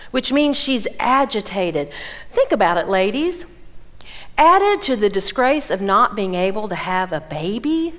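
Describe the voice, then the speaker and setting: Animated older woman teaching the Bible. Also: mid-range voice. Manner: animated storytelling, acts out quoted voices. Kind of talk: teaching at a women's conference.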